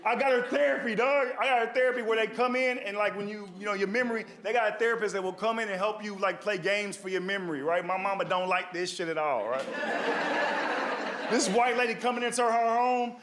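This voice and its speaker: A man's voice: high voice, a little fast. A male stand-up comedian telling a story to a live audience in a conversational way, often tagging lines with "right?". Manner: conversational, leans on "right?" and "dog". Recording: live show with audience noise.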